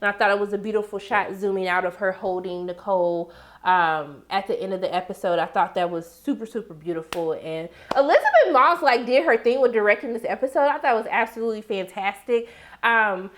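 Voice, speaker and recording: A woman's voice: medium pitch, expressive, fairly quick, fairly bright tone. A young woman giving a casual, sassy recap of a TV episode, talking back to the characters as she goes. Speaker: TV recap reviewer.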